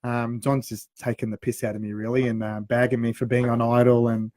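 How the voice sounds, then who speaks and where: A man, a radio co-host in his thirties, telling an anecdote. He talks in a casual, animated way and laughs along at his own story. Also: medium pitch, a little fast, no room sound, clean studio sound.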